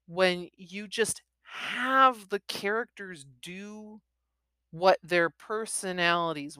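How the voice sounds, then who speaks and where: A woman reading a novel aloud and pausing to discuss its writing, thoughtful and full of fillers. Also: on the low side, sharp tone, no echo. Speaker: reader and writing commentator.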